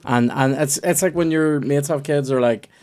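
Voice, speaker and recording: A man's voice: on the high side, moderate pace, a little mellow, a little hiss or hum. A man in casual comedy podcast chat, telling rambling, sweary anecdotes. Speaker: podcast guest.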